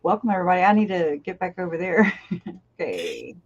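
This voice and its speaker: A woman hosts a relaxed livestream, chatting loosely and laughing between her sentences. Her voice sits a little low, and the audio is dull and lo-fi. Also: brisk. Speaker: channel host. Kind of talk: casual livestream chat.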